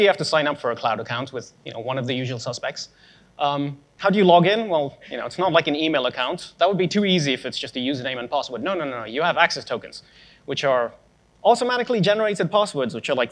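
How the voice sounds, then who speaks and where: A young man giving a conference tech talk, casual and sarcastic with joking asides. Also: a little high. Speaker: conference speaker.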